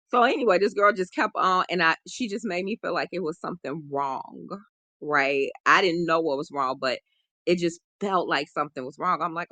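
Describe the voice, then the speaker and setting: Bright-voiced woman telling a story. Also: on the low side, moderate pace, no room sound. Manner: animated, acts out quoted voices, frequent "you know". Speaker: guest, relationship coach. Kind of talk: personal storytelling in conversation.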